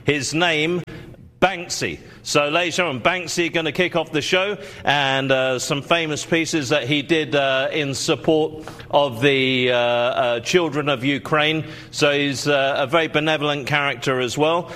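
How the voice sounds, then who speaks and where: A male auction host with a somewhat high voice, talking fast and pushing viewers to call in. He leans on fillers and keeps addressing the audience. It sounds like a live TV sales pitch. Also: fairly even intonation. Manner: salesy, many fillers, repeats "ladies and gentlemen".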